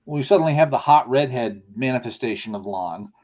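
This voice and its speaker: Male guest from upstate New York, mellow and wry, lively pitch, muffled lo-fi audio. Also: fairly quick. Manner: wry, self-mocking humor. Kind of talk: casual chat.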